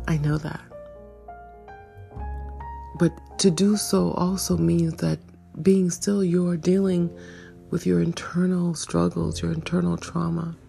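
A woman in her fifties hosting a reflective solo monologue, searching and questioning herself, with soft laughs. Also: fairly low pitch, level tone, slow, gravelly, long pauses, faint music behind. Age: 50s. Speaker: podcast host.

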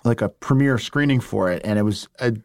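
A man in his thirties, a guest actor and writer, telling animated stories in a casual interview. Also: medium pitch, no echo. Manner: animated, quick to act out quotes.

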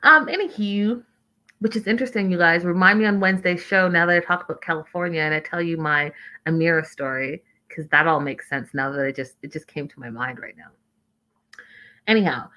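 A woman hosting a casual show, chatting in an animated, gossipy way and talking straight to her listeners. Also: lowish voice, fairly quick. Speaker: podcast host recapping a reality show. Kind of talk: casual chat.

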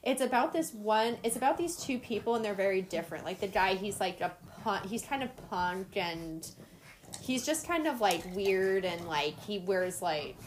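A woman's voice: mid-range voice, expressive, moderate pace, slight background noise. A young adult woman in casual chat as a podcast co-host, rambling with constant fillers. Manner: rambling, heavy use of filler "like".

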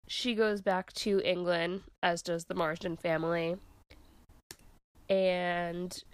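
Chatty woman with a low voice. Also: little pitch movement, slow, clear, resonant tone. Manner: chatty, filler-heavy retelling with 'like' and 'um'. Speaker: podcast co-host. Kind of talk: casual chat recapping a TV episode.

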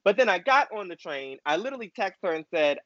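Young male co-host, expressive and gushing, pitched a bit high, muffled dry recording. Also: fast, dry recording. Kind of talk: casual chat. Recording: dull dry lo-fi sound.

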